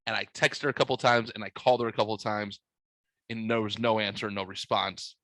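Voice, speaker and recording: A man's voice: fairly low pitch, steady tone, brisk, vocal fry, pushed and bright, no room sound, rough recording. A young man hosting a podcast, telling a story in a joking, profane, smart-aleck way. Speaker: podcast host. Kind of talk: casual storytelling.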